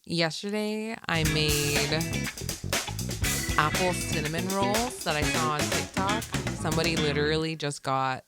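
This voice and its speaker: A woman's voice: low-pitched, a little slow, over loud music. A woman co-hosting a podcast in casual chat, laid-back and asking curious questions. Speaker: podcast co-host.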